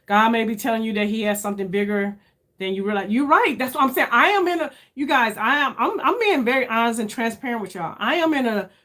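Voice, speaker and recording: A woman's voice: on the high side, expressive, fast, pushed and bright. Candid woman in her fifties chatting. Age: 50s. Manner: candid, searching, talks straight to viewers with lots of "y'all". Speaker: YouTube beauty creator. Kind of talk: casual live chat with viewers.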